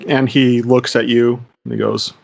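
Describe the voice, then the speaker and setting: A man's voice: mid-range voice, flat delivery, normal speed, gravelly, a little mellow, no room sound. A man narrating a tabletop game as game master, describing scenes evenly.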